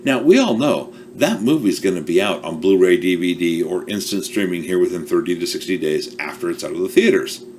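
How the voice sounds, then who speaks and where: A man's voice: sits low, lively intonation, brisk, hardly any pauses, a little mellow, slight background noise. A man coaching small businesses on marketing in a chatty, self-deprecating, casual talk to camera. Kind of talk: casual talking-to-camera advice.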